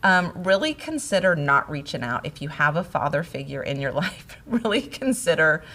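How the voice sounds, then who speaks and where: A middle-aged woman co-hosting a casual talk on marriage, telling stories in an animated way and laughing often. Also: low voice, normal speed. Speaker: podcast co-host, wife. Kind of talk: casual conversation about marriage.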